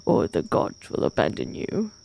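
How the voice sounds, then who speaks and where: A woman voicing a greedy, smiling male temple priest in a game stream, speaking in a smooth, sly and ominous way. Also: moderate pace, warm tone, close to an everyday voice.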